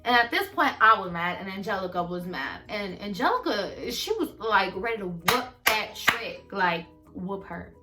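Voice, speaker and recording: A woman's voice: medium pitch, moderate pace, few pauses, recorded from a distance, soft background music. A teenage girl casually telling a profane storytime, acting out what people said. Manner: animated, profane, acts out quotes loudly. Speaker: storyteller vlogger.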